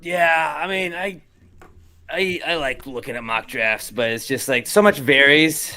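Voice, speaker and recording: A man's voice: on the high side, a little slow, sharp tone. A young American man co-hosting a podcast in casual chat, joking around and swearing freely. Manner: swears freely, jokey, slips into silly mock voices. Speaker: podcast co-host.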